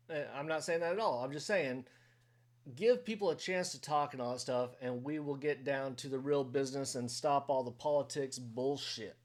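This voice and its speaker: Opinionated man hosting a reaction video. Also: fairly high pitch. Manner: opinionated, rambling, talks straight to viewers. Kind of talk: casual reaction commentary. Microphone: headphones on while recording.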